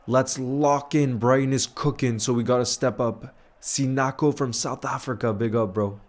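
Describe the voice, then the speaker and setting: A man at a middling pitch hosts a football watch-along stream with easygoing, friendly chatter. He reads out viewer messages and gives them shout-outs in a relaxed, matey way between his reactions to the game. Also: normal speed. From grew up largely in New York. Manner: laid-back and chummy, calling viewers "bro" and giving shout-outs. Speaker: livestream host of a match watch-along. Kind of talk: casual live watch-along chat, reading out viewer messages.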